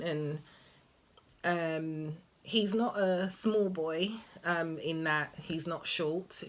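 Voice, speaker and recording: A young woman vlogging casually about parenting, rambling and hesitant with many ums and restarts. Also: sits low. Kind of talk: casual chat to camera.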